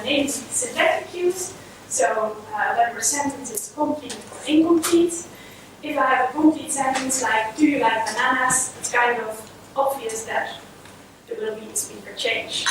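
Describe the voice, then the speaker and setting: Woman researcher, high voice, explanatory conference talk; distant mic, noisy hall. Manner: explanatory, steady lecturing. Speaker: child language researcher. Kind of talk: conference presentation.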